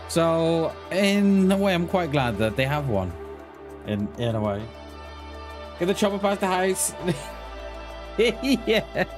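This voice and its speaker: A man casually chatting to viewers as he plays a survival game, greeting them by name and thinking aloud. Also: mid-range voice. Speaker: streamer playing a survival game. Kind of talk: casual live-stream chat.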